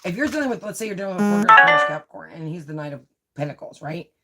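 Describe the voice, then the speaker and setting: A woman's voice: lowish voice, animated, very fast, loud music behind the voice. A woman giving a live tarot reading, chatty and confiding, often checking in with "right?" and "you know". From Italian heritage. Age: adult with a child. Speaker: tarot reader.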